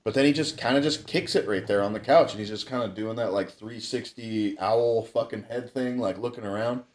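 A young man rambles casually through a long story, swearing constantly and often breaking into laughter. His voice is on the low side with a darkish tone, and he talks briskly.

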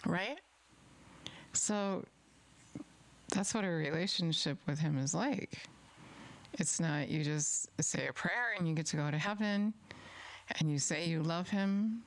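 A woman's voice: on the low side, unhurried, long pauses. A middle-aged woman preaching an earnest sermon and reading scripture aloud, repeating words for emphasis.

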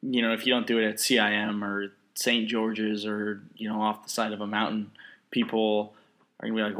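A man's voice: lowish voice, monotone, moderate pace, a bit bright. A man co-hosting a podcast in casual chat, ranting sarcastically and swearing freely. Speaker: podcast co-host.

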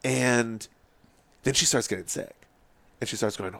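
A man who works as a hypnotist, telling a story to podcast hosts in a casual, animated way. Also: medium pitch, measured pace, creaky, pauses often, dry recording. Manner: animated, acts out other people's lines.

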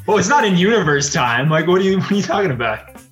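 A man's voice: high voice, animated, fast talker, fairly bright tone, echoey room, soft background music. A man playing in a tabletop game, chatting casually and teasing the others. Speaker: player.

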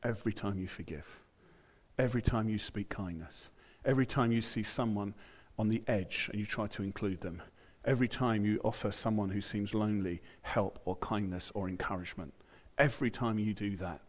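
British man preaching a relaxed sermon. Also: lowish voice, moderate pace. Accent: British English. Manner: conversational, with asides and acted-out quotes. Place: church.

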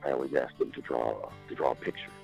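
A man imitating an older male comedian mentor in a low, hushed, halting voice, sincere and heartfelt. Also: steady tone, vocal fry, slightly rough, soft background music, exaggerated voice, low-quality recording. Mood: earnest.

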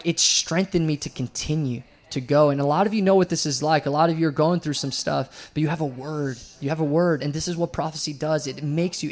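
A man preaching a sermon in a church, telling a personal story in an earnest, conversational way with frequent fillers and restarts. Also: mid-range voice. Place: church sanctuary.

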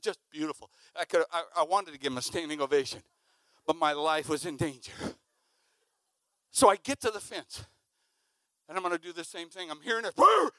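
A high-voiced, bright man preaching in an animated storytelling way. He acts out sounds and breaks into shouts mid-story. The recording is dry and close. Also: clean tone, no echo. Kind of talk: sermon storytelling.

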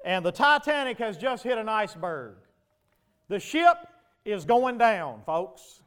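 A man preaching a sermon in a notably high voice. He keeps putting questions to his listeners and swings from low, quiet stretches up to loud, emphatic ones. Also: very animated, measured pace, clean tone. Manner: preaching with rhetorical questions to the congregation, rising to shouts. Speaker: pastor.

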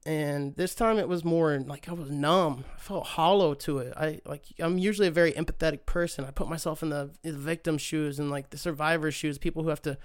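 A man's voice: on the high side, clean tone. A man hosting a podcast alone, rambling through a casual rant with lots of profanity and sarcasm. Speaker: podcast host.

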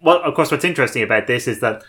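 A man's voice: mid-range voice, lively intonation, very fast, fairly bright tone. A man hosting a podcast, chatting casually about a TV episode in a thoughtful, wry way that often corrects itself mid-sentence. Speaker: podcast host. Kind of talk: casual review chat.

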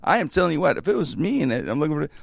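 A male podcast host in loose, rambling banter, stumbling through restarts as he tells a story. His voice is gravelly and swoops widely in pitch. The sound is dry and close. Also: very animated, rapid-fire, no echo. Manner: rambling, with many restarts and chuckles. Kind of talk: casual banter.

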